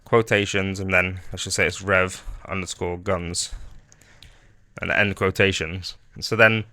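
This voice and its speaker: A man's voice: sits low, measured pace, no room sound. A man casually talking through a modding tutorial on his screen, rambling a bit, with fillers and restarts. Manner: relaxed, rambling explanation with frequent fillers and restarts. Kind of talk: screen-recorded software tutorial.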